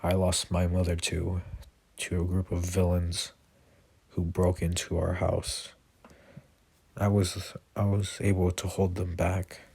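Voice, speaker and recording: A man's voice: sits low, monotone, takes it slowly, creaky, a little mellow, husky, heavily acted. Deku, a man voicing an earnest boy hero. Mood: sympathetic. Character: kind teenage boy hero student, earnest.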